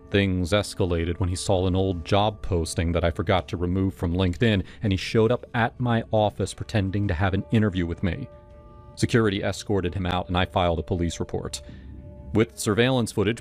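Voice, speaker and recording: A man narrating a scripted first-person horror story in a steady, even manner. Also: fairly low pitch. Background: music.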